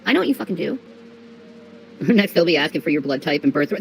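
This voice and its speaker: A woman's voice: on the low side, big pitch swings, normal speed, creaky, pauses often, slight background noise, poor audio. A woman ranting on a livestream, profane and mocking, repeating herself as she scolds critics.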